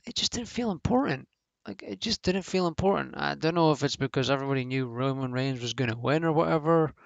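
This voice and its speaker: A man's voice: on the high side, gravelly, dry recording, lo-fi sound. A man giving a casual, rambling review of a wrestling show, blunt and swearing freely, with lots of fillers.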